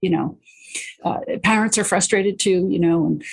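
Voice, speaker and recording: A middle-aged woman chatting as a guest author in an interview. She talks animatedly and quickly, with many "you know"s and restarts. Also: lowish voice, vocal fry, slightly rough. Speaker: guest, children's book author. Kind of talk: casual interview chat.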